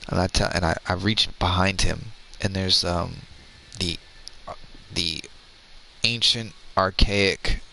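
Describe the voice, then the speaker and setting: A man's voice: deep voice, steady tone, takes it slowly, vocal fry, pushed and bright, a little hiss or hum, poor audio. A man in his thirties telling a rambling, profane story in casual chat. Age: 30s.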